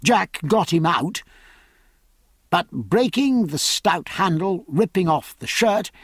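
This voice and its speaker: A man narrating a novel as an audiobook in a measured, steady reading, recorded on a close studio mic. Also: high voice, breathy edge, no echo.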